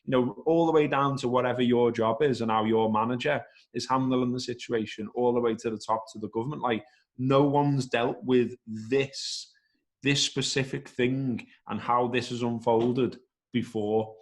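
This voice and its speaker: A man's voice: mid-range voice, steady tone, normal speed. A man speaking as a podcast guest, thinking aloud in a rambling, casual way with some swearing. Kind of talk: casual conversational podcast chat.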